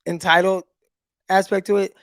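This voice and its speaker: A man co-hosting a sports podcast as a former player, telling stories with animated, acted-out quotes. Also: sits high, moderate pace, no room sound. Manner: animated storyteller, acts out quotes. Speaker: podcast co-host, former cornerback. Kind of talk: casual sports podcast chat.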